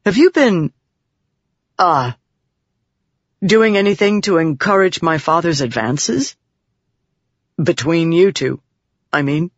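A woman reading an audiobook voices an eager young nobleman soldier, raising her pitch and talking earnestly, in a dry, slightly muffled recording. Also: animated, measured pace, few pauses, husky, dry recording, exaggerated voice.

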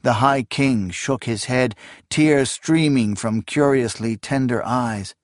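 Guy reading a fantasy audiobook, slow and even, medium voice, dry close sound. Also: mid-range voice, dry recording. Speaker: audiobook narrator. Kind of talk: scripted narration.

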